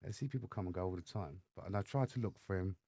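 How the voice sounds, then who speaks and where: A man with an English accent, a podcast guest telling his life story in lively fashion and acting out the voices of others. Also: sits low, fast talker, creaky, no echo, clean studio sound. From England. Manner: animated storyteller acting out dialogue. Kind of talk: storytelling interview. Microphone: studio microphone.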